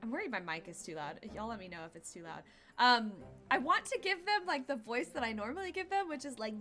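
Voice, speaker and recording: A woman's voice: on the high side, big pitch swings, a little fast, sharp tone, faint music behind. Chatty, giggly woman streamer. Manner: chatty, giggly, self-deprecating. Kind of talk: casual game commentary.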